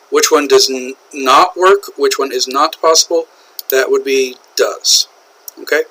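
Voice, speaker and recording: A man with an American accent teaching English usage, explaining slowly and repeating key phrases, often checking in with "okay?". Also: medium pitch, sharp tone, rough recording. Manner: slow, repetitive explaining with frequent "okay?" checks. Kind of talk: classroom lecture on English usage.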